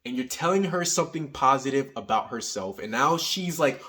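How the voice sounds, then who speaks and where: A young man giving casual dating advice, energetic and teasing, tagging his points with "right?". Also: mid-range voice, fairly quick, hardly any pauses. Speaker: dating coach. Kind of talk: casual coaching monologue.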